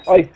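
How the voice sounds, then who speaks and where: A man putting on a crude Scouse troll. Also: noisy background. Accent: put-on Liverpool Scouse. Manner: crude, taunting, swearing banter. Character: mouthy crude male Scouse lad troll, young. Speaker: online gamer trolling lobby chat. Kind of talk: prank voice chat over gameplay. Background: game music and gunfire.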